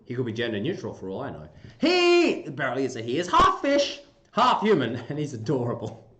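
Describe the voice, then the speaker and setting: A man hosting a casual livestream, chatting playfully with viewers and breaking into goofy squeaky bursts. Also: sing-song, quick pace. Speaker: livestream host. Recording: roomy echoey room.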